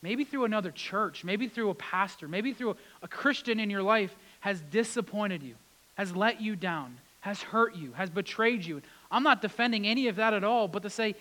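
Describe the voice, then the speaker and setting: A man preaching a sermon, retelling scripture with lively acted-out quotes. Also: high-pitched, moderate pace, poor audio. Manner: animated, acts out quotes with rising intensity. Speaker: pastor.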